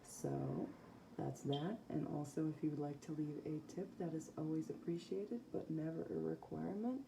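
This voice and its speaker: A woman's voice: sits low, fairly even intonation, normal speed, gravelly, background noise. A woman giving a casual, rambling psychic tarot reading to her viewers, with many fillers. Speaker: tarot reader.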